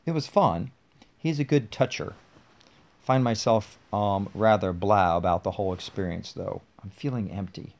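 A man reading as a soft, breathy young woman. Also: fairly low pitch, moderate pace. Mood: wistful. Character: young woman, soft-spoken, restless and wistful. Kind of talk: reading a text dialogue aloud.

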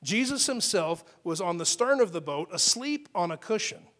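A man preaching a sermon as pastor, conversational and personal, with many restarts and sudden swings in loudness. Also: high-pitched, lively intonation, normal speed.

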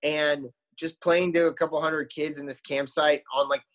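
A man chatting loosely on a podcast about life on tour. He rambles and circles back, full of fillers and restarts, in a slightly higher-than-average voice. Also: little pitch movement, moderate pace, a bit bright. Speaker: musician guest. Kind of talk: casual podcast chat.

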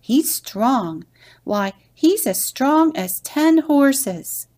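A woman's voice: high-pitched, big pitch swings, extremely slow, a little mellow, voice pushed up, exaggerated voice. A woman voicing a group of eager young camels who admire an old friend.

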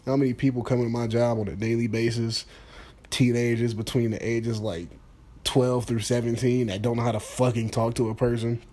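A man's voice: medium pitch, level tone, moderate pace, dark tone. A man in his twenties ranting bluntly and profanely, sounding exasperated. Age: 20s. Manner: blunt, exasperated, swearing freely. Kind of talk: casual profane rant.

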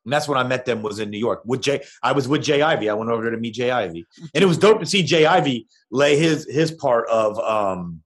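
Rambly podcast guy, average pitch, lots of um and like. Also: expressive, fairly quick, few pauses. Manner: meandering, hedging with um and like. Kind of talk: casual chat.

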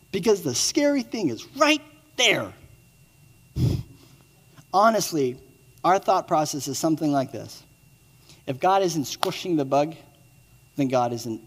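A man's voice: on the high side, husky. Man preaching in a reverberant church hall. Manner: swings from excited storytelling to hushed earnest appeals. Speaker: pastor. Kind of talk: sermon.

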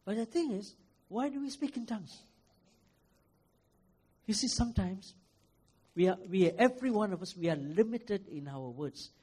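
Man, pastor, sermon, high voice, emphatic, repeats himself, loud then hushed. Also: expressive, moderate pace, pauses often, slightly rough. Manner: emphatic, repeats phrases, swings from loud to soft.

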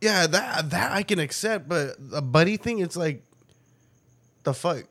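Laughing, profane man with a lively voice. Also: on the high side. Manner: profane, laughs often, quick mocking impressions. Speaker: podcast co-host. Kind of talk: casual chat.

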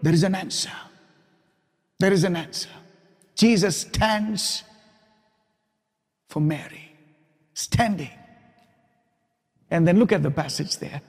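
A male pastor preaching a sermon, emphatic and repetitive, at times dropping his voice very low for quoted words. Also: takes it slowly, long pauses, slightly rough. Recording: long hall reverb.

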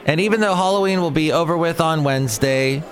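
A man's voice: a little high, brisk. A man hosting his own daily podcast, rambling goofily between topics and silly bits. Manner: goofy, digressive, sings and shouts bits. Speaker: podcast host.

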